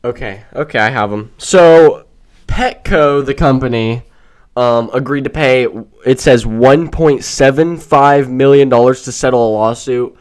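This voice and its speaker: A man's voice: mid-range voice, measured pace, a little mellow, clear, resonant tone. A man hosting a solo podcast, ranting in an exasperated, rambling way with frequent restarts. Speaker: podcast host. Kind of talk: solo rant monologue.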